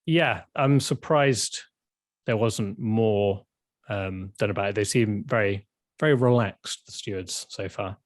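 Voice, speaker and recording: A young man speaks in a lowish voice on a casual podcast, choosing his words with care and often stopping to restart. The recording is dry and close. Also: unhurried, dry recording. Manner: hesitant, thoughtful, with frequent restarts. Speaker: podcast co-host. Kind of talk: casual chat.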